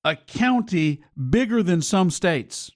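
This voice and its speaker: A man's voice: high-pitched, lively intonation, slow. A man hosting talk radio, delivering scornful, sarcastic political commentary. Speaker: radio talk show host.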